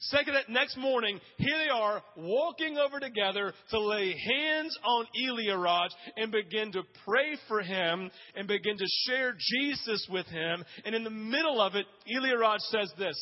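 A man with a high, bright-edged voice preaching a sermon with passionate storytelling and emphatic repetition. His voice carries a long reverb, as in a church hall. The sound is slightly dull and muffled. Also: animated, moderate pace, few pauses. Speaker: pastor.

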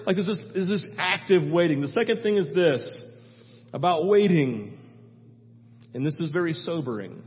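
Male pastor, high voice, animated storyteller, sermon recorded dull and muffled with long hall reverb. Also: moderate pace. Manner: animated storytelling, acts out biblical figures, swings loud and soft.

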